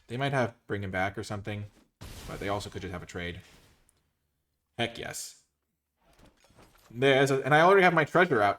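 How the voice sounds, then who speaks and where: A man commentating his own card game, switching between quiet muttered analysis and loud, mock-grandiose cheering. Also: on the low side. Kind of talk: gameplay commentary.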